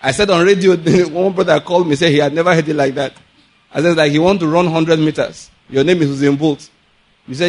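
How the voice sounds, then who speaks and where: A man with a Nigerian accent preaching a sermon, telling animated stories, laughing often and acting out the people he quotes. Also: fairly high pitch, quick pace. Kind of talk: sermon with storytelling.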